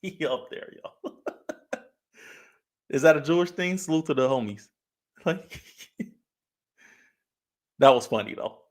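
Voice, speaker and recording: A man's voice: fairly high pitch, animated, slow pace, pauses often. A man from California hosting a casual livestream, laid-back, laughing often as he reads chat comments aloud. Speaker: livestream host.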